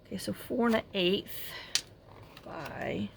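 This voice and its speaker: A woman's voice: medium pitch, lively intonation, slow pace, creaky, noisy background. A woman craft vlogger chatting casually while she works at her craft table at home, rambling through a story with plenty of fillers.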